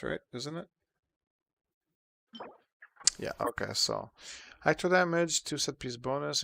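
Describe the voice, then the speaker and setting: A man with a slightly sore throat, chatting casually with viewers while streaming a game, relaxed and full of fillers. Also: mid-range voice, gravelly, a little hiss or hum. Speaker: streamer answering chat questions. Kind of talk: casual live-stream chat while gaming.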